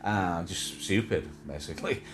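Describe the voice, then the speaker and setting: This livestream host has a low-pitched voice and talks at a normal speed over some background noise. His chat rambles and jokes, drifting onto tangents and slipping into silly put-on voices.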